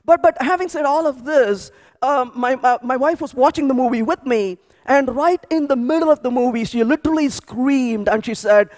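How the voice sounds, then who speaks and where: A man speaking at a programming conference, telling animated stories with frequent restarts and repeated words. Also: very high-pitched, normal speed. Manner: animated storytelling with many restarts. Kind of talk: energetic tech conference talk. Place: large conference hall.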